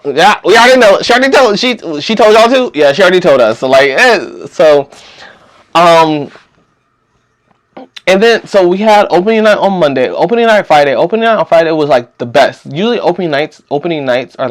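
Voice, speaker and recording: A young man, telling a story in a casual, slangy and animated way. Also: fairly high pitch. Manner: animated, slangy, acts out quotes. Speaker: vlogger.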